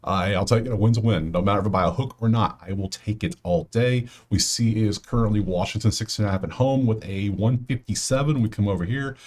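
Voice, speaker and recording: A man hosting a sports betting channel, casually breaking down games and picks while thinking out loud in slangy talk straight to his viewers. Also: fairly low pitch, brisk, few pauses.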